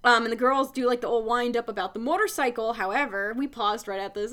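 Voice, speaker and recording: A woman co-hosting a podcast, recapping a TV episode in casual, animated chat, with lots of swearing and filler words. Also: a little high, a little fast. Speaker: podcast co-host.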